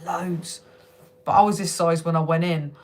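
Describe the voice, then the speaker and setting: A woman's voice: fairly low pitch, steady tone, moderate pace, a little mellow. A young woman hosting a casual live stream from home on her phone, chatting with viewers, laughing often and swearing freely. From United Kingdom. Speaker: livestream host.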